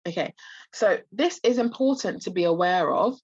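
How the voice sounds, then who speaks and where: Hoarse woman tutoring over dull call audio. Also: mid-range voice, expressive, normal speed, a little mellow, dry recording. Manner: explains answers with many restarts and fillers. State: losing her voice. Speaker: medical school admissions tutor. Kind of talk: live online practice test walkthrough.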